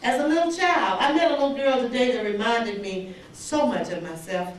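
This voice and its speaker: An older woman gives an inspirational storytelling speech at a banquet. Her voice sits a little high, and she acts out every line of dialogue. She is picked up from a distance, and the big hall rings with echo. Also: normal speed, a little hiss or hum. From Mississippi Delta. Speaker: banquet speaker. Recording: echoey hall recorded from far off.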